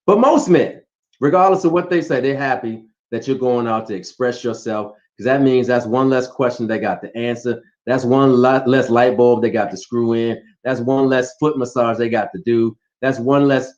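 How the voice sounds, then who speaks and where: A man's voice: mid-range voice, moderate pace, darkish tone. A man talking animatedly and teasingly in a casual chat about relationships, giving advice with playful emphasis. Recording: dull lo-fi sound.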